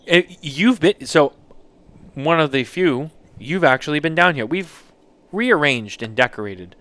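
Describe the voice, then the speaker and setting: A man co-hosting a casual talk show, telling animated, rambling anecdotes. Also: on the high side, measured pace, no echo. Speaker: podcast co-host. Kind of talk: casual chat, storytelling.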